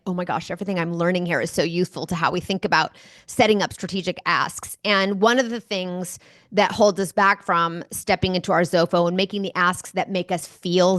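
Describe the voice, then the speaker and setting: A woman's voice: on the low side, no room sound. Woman with a dry, close sound. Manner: enthusiastic, animated storyteller. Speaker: guest speaker. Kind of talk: conversational interview.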